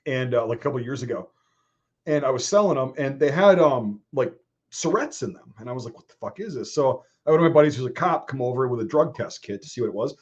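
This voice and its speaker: A man hosting a casual online stream, telling stories in a profane, animated way. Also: medium pitch, quick pace, highs cut off. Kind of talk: casual chat.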